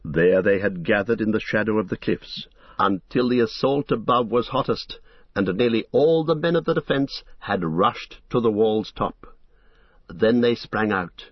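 Low-voiced guy reading a story, steady, dull lo-fi dry sound. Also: dry recording. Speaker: narrator. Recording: dull lo-fi recording.

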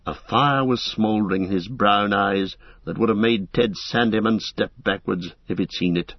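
A man reading a fantasy novel aloud as a steady audiobook narrator. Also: lowish voice, normal speed, no room sound, lo-fi sound.

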